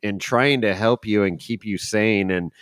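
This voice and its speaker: A man hosting a podcast, telling stories animatedly and swearing casually in relaxed chat. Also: lowish voice, a little slow, smooth, no room sound, clean studio sound. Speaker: podcast host.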